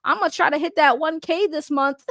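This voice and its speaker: A woman's voice: sits high, brisk, a bit bright, no echo. A woman doing casual livestream commentary, rambling and blunt, swearing freely and laughing often. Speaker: online commentator.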